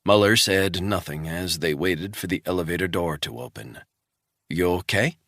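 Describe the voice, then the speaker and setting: A man narrating a thriller audiobook with steady, measured storytelling. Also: low-pitched, dry recording, studio quality. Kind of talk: scripted narration.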